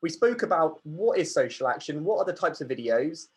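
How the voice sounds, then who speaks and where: A man leads an online workshop, answering questions from the chat in a chatty, relaxed way. His voice is husky and sits a little high. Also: fairly quick. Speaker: workshop facilitator.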